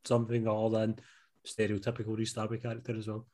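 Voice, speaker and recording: Speaking fast and in a monotone, this man from Scotland has a lowish, dark-toned voice. As co-host of a podcast, he chats informally reviewing films, frequently tossing in "do you know what I mean?"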